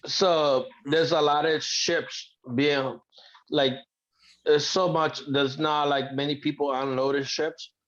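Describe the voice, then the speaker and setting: Man, halting delivery, many restarts, slightly high voice, dull muffled recording. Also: steady tone, fairly bright tone. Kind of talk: casual banter.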